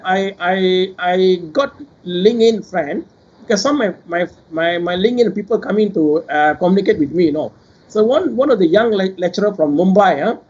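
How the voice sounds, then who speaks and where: A professor with a Malaysian English accent, speaking at a webinar panel in an animated, rambling way and addressing the other panelists directly. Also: male voice, high-pitched, breathy edge, highs cut off. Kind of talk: panel discussion remarks.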